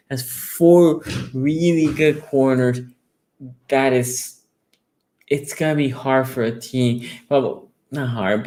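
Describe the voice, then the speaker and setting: A male sports talk host chatting casually with his viewers, his voice sitting at an ordinary middle pitch. He rambles, doubles back on his words and reads comments out before answering. When a story grabs him, his voice jumps up high with excitement. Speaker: sports talk show host taking callers. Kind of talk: casual fan chat on a sports show.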